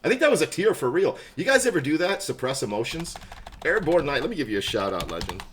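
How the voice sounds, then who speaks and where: A man's voice: fairly high pitch, sing-song, quick pace, fairly bright tone, a little hiss or hum. A middle-aged man chatting casually on a live stream, self-mocking and laughing often.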